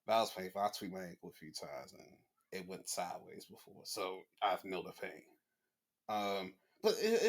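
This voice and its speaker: A man hosting a casual sports podcast, rambling and swearing, often jumping into excited, high-pitched rants. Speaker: podcast host. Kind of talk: casual wrestling chat.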